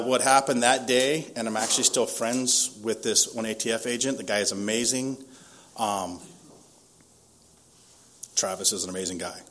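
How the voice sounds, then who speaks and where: Candid self-mocking man, fairly low voice. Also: gravelly, a bit bright. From Southern California. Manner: candid, self-deprecating, laughs often. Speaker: speaker at a recovery meeting. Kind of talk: personal recovery testimony.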